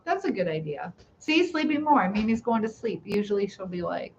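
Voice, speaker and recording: A middle-aged woman hosting a live chat, reading out viewers' comments and answering in a gentle, reassuring way, asking many questions. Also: medium pitch, lively intonation, moderate pace. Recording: slightly dull lo-fi sound, faint room noise.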